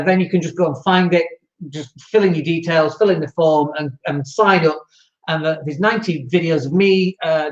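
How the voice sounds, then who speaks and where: A man hosting a live-streamed show and talking casually to his viewers, chatty and loose, with fillers and small laughs. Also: on the high side. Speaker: host. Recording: echoey room, dull lo-fi sound.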